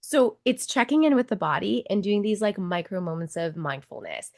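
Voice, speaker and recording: Animated, expressive woman coach. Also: medium pitch, normal speed, gravelly. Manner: animated, acts out inner voices, swears casually. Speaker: guest coach and nurse. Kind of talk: conversational podcast interview.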